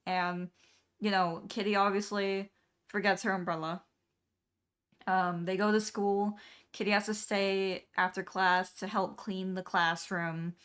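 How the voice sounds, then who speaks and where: A young woman streams in a mid-range, fairly bright and clean voice, recapping a cartoon episode in a slow, rambling way with long pauses and fairly even intonation. She fills her storytelling with "um" and "like" and laughs at the plot.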